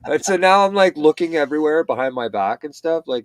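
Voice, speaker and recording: Rambling, animated man, dry sound. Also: a little high, fairly quick, no room sound. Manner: rambling, animated storytelling with laughs. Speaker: livestream chat participant. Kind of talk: casual chat.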